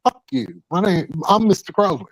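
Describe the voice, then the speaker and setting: A man's voice: high voice, lively intonation, normal speed, vocal fry, dry recording, poor audio. An older man co-hosting a talk show, telling stories in a blunt, profane, joking way. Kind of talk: casual banter.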